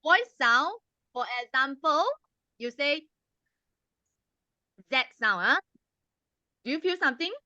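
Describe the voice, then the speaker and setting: A woman, the club president, explaining grammar and pronunciation to a meeting in a patient, teacherly way and drilling sounds slowly. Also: high voice, animated, bright, forceful tone, no room sound, lo-fi sound. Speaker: club president giving a language evaluation.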